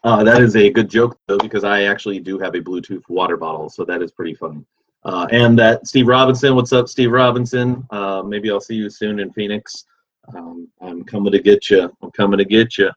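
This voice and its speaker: Man, low-pitched voice, casual rambling livestream chat, dull lo-fi recording. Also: a little fast. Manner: rambling, easygoing, many fillers. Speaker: livestream host reading viewer comments. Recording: dull lo-fi sound.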